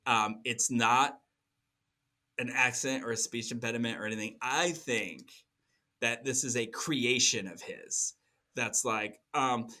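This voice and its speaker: A man's voice: medium pitch, measured pace, sharp tone. A man co-hosting a podcast in casual chat, rambling with frequent restarts and laughs. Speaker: podcast co-host.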